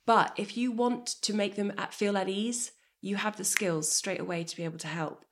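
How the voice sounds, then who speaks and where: A woman in her thirties, appearing as a guest, talks with energy and candor in a conversation, her mid-range voice at normal speed. She's emotionally open and swears now and then.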